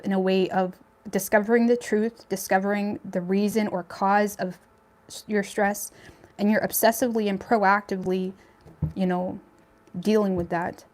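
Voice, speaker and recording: This casual tarot reading comes from a young woman whose mid-range voice is a little mellow. She's chatty and blunt, leaning on plenty of fillers and swearing now and then.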